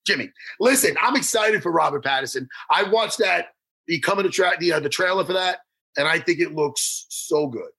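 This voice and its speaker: A man's voice: fairly high pitch, animated, moderate pace, gravelly, sharp tone. A man co-hosting a podcast, joking and teasing his guest in playful casual chat. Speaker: podcast co-host.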